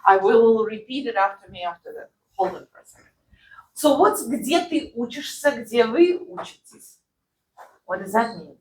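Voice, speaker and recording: A woman's voice: on the high side, animated, normal speed, reverberant, recorded from a distance, a little hiss or hum, poor audio. A woman who speaks Russian natively, teaching a language lesson in English and having the learner repeat phrases after her. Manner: patient, drills phrases for repetition, checks with "right?".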